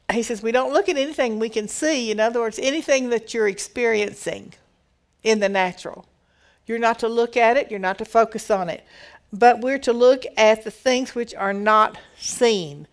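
A woman's voice: on the high side, vocal fry. A woman giving a conversational Bible teaching, reading verses aloud and explaining them with emphatic repetition.

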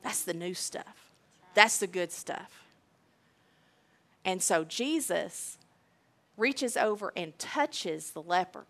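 A woman preaching a sermon, emphatic and deliberate, repeating key phrases. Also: fairly low pitch, animated, a bit bright.

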